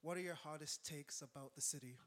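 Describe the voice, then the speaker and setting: An easygoing male host in a casual interview, his voice sitting a little high. He asks loose, rambling questions with plenty of fillers. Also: fairly quick, a bit bright.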